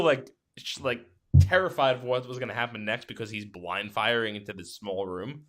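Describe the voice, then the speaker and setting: A man co-hosting a podcast in casual movie chat, excitable and often trailing off. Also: medium pitch, normal speed. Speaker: podcast co-host.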